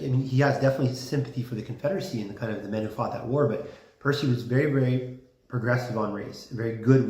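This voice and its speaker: A man giving a casual classroom lecture, talking conversationally with many fillers and restarts. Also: mid-range voice. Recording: roomy classroom sound.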